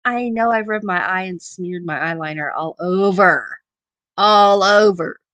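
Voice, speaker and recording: A woman's voice: fairly low pitch, moderate pace, a bit bright, no room sound. A middle-aged woman hosting a casual live-stream chat, laughing often and repeating her phrases affectionately.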